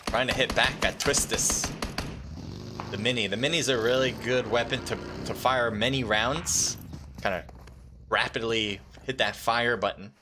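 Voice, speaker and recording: A man doing live esports commentary on a mobile battle royale match, calm and explanatory, with loud excited bursts at big plays. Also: medium pitch, a little slow, noisy background. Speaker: esports caster.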